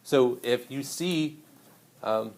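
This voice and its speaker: Guy teaching a class, animated and hands-on, talking right to the students, roomy echo. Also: medium pitch, slow. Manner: lively, hands-on, speaks directly to students. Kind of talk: classroom lecture.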